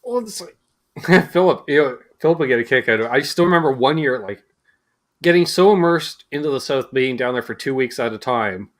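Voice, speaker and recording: Lively Canadian man telling stories. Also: mid-range voice, brisk. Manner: animated storyteller, mimics voices in anecdotes. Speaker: host. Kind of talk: casual chat.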